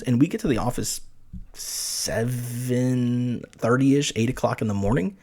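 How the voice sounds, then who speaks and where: Young guy telling a wild story on his podcast, casual, jumps way up when he quotes people. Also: a little slow. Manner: animated, acts out quoted lines with big pitch jumps. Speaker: podcast host.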